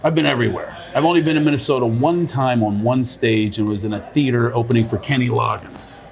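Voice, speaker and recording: A man's voice: mid-range voice, quick pace, vocal fry, crowd noise. A middle-aged man with an ordinary, mid-range voice co-hosts a podcast in easy casual chat. He tells rambling stories and keeps riffing on his own tangents. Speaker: podcast co-host. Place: restaurant lounge.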